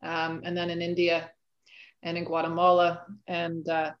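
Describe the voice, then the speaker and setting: A woman's voice: fairly low pitch, monotone, moderate pace, dull audio. A woman author speaking as a guest in a casual interview, earnest and thoughtful, with frequent fillers.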